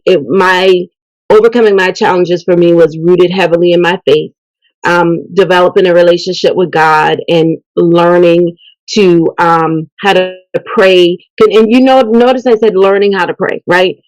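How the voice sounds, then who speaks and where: A woman's voice: fairly low pitch, no room sound, low-quality recording. Earnest woman, dry close sound. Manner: earnest, faith-filled, animated. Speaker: event host and youth mentor. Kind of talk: interview guest. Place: local TV interview.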